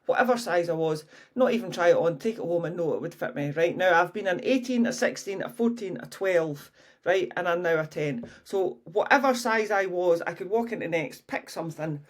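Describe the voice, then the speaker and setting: A woman's voice: fairly low pitch, animated, brisk. A woman in her early fifties, a fitness coach chatting frankly and casually on her own podcast, swearing freely. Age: 50s. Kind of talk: casual solo podcast chat.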